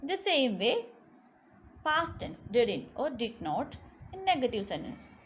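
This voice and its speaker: A woman teaching grammar, pausing often on "okay" and leaning hard on example words. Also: high-pitched, sing-song. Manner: frequent "okay" and short pauses between points; stresses example words strongly. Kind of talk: explaining grammar in a recorded lesson. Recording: faint background noise.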